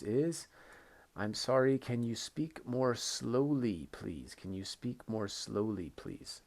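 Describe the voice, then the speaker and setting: A man's voice: lowish voice, darkish tone. A man teaching a recorded English lesson, patient and repeating key phrases with emphasis.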